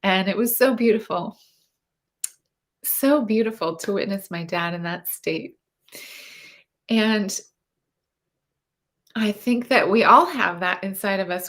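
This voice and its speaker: A woman's voice: mid-range voice, fairly bright tone. A woman coaching about relationships and intimacy in an earnest, spiritual way, speaking straight to viewers of a live stream.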